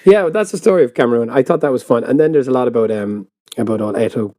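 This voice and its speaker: A man's voice: mid-range voice, lively intonation, fast, warm tone, no room sound. A man co-hosting a casual football book podcast, making dry, wry, laid-back remarks. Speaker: podcast co-host. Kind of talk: casual chat.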